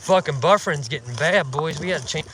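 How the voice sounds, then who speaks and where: A man's voice: fairly high pitch, quick pace, fairly bright tone, slight background noise. A man hosting an outdoors channel, delivering a profane, mocking, indignant rant while out in the woods. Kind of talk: casual ranting vlog.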